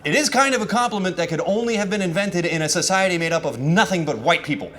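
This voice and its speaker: An American man from Washington DC doing a stand-up set, telling stories in an animated, exasperated way and acting out bits of dialogue. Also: sits high, fast, a crowd in the background. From Washington DC, USA. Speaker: stand-up comedian. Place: comedy festival stage with laughing audience. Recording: live club recording with audience noise.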